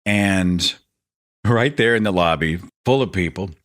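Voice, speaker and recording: A man's voice: deep voice, measured pace, a bit bright. A man hosting a podcast, telling rambling, self-deprecating stories in a casual stream-of-consciousness monologue. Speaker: podcast host.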